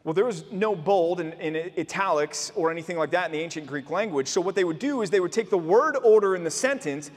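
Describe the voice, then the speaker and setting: A pastor with a notably high voice preaches to his congregation. He explains the scripture earnestly and keeps stopping to put rhetorical questions to his listeners. His voice carries through the long reverb of a church hall. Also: a little fast, hardly any pauses. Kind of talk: sermon.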